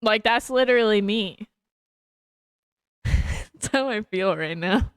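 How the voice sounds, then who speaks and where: A woman talks casually to her stream audience, rambling from one thought to the next and laughing at herself often. Her voice sits in a middle pitch range for a woman. The sound is dry and close, with no room echo. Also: slow pace, smooth. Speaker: livestreamer.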